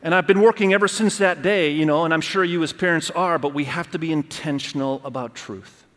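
A man's voice: on the high side, brisk, a bit bright. A middle-aged man preaching a sermon as pastor, earnest and emphatic, driving home key phrases by repeating them. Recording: long reverb of a large hall.

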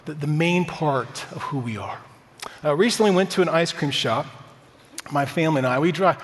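A man in his thirties, a pastor, giving a conversational, upbeat sermon to a church congregation with personal stories. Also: on the high side. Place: church sanctuary. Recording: reverberant church hall.

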